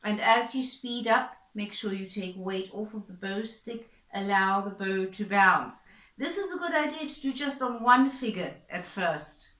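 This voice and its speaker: A woman's voice: medium pitch, expressive, measured pace, pushed and bright. Patient woman violin teacher, echoey room. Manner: patient, repeats points, encouraging. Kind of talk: instructional explanation.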